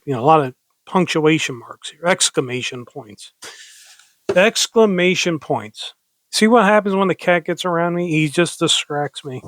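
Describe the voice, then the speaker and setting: A man casually reading public domain poetry, reciting slowly and dramatically and rambling between poems. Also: medium pitch, dry recording. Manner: rambling, self-directing, chatty between poems; slow, dramatic recitation with mock pirate growls. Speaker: poetry reader.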